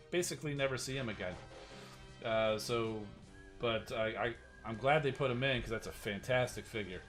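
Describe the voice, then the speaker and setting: A male streamer talking loosely to his viewers in a mid-range voice, wandering off on tangents and restarting his sentences. Quiet music sits faintly underneath. He sounds relaxed and unscripted. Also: medium pitch. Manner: rambling, with many restarts and asides to chat. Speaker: game streamer and host. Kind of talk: casual live-stream chat.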